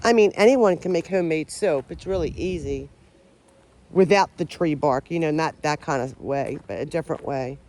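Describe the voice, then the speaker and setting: A woman's voice: sits low, normal speed, a little mellow. A woman vlogging outdoors among trees, talking in a loose, rambling way that is often unsure of itself and full of restarted sentences. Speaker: paranormal vlogger. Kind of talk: casual rambling talk to camera.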